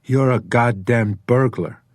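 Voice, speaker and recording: A man's voice: medium pitch, slow pace, darkish tone, dry recording, studio quality, voice pushed up. A man voicing a small, tough woman who is a former cop, giving clipped, commanding orders at gunpoint. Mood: threatening.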